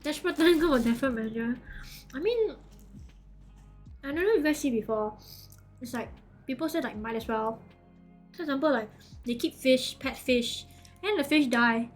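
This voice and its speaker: A woman's voice: sits high, expressive, normal speed, pauses often, faint music behind. A woman chatting casually as a streamer, giggly and chatty with loose grammar. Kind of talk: casual reaction chat.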